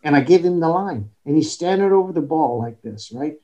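Man, golf coach, animated storyteller, fairly high voice, interview. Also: fairly quick. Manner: animated storyteller, acts out quoted dialogue.

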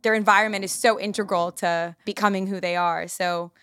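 A woman's voice: medium pitch, steady tone, brisk, a bit bright, clean tone, no echo. A woman hosting an interview, asking curious, engaged questions of her guest. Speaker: interviewer, host.

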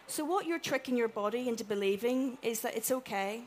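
A woman with an Irish accent giving a chatty, animated talk to a live audience, acting out little quotes as she goes. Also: a little high, a little fast, a little hiss or hum. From Ireland. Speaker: conference speaker. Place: event room with an audience.

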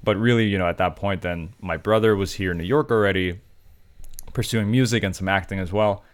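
A man from Austria, a guest comedian, telling his story calmly and measuredly over a video call, with frequent "you know". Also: low voice, fairly quick. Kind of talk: casual interview chat.

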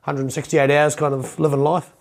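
A man's voice: a little high, level tone, brisk. A man co-hosting a podcast in rambling, laid-back banter, often stumbling over words. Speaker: podcast co-host. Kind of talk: casual banter.

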